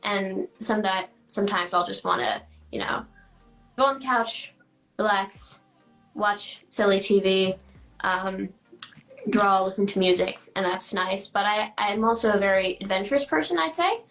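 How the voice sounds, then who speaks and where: A woman's voice: medium pitch, measured pace, fairly bright tone, soft background music, low-quality recording. A teenage girl, a guest actress, answering interview questions chattily with lots of fillers and giggles.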